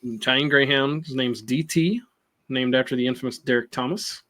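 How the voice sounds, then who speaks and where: Laid back guy cohosting a movie podcast, bright sharp voice, rambles through stories. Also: mid-range voice, a little fast. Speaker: podcast co-host. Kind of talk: casual movie podcast chat.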